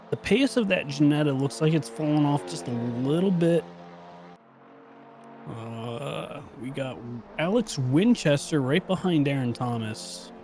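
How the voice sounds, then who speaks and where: A man co-commentating a sim race live, calling the on-track action in a relaxed, unhurried way. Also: fairly high pitch, background noise.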